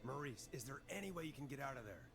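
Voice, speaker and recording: An actor playing a late-night male radio host in a video game, with a calm and measured on-air delivery. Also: mid-range voice, faint music behind.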